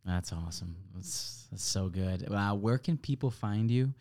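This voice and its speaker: A man hosting a faith podcast, asking questions and encouraging his guest with quick affirmations. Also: lowish voice, a little mellow. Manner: encouraging, lots of short affirmations. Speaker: podcast host. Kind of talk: casual podcast chat.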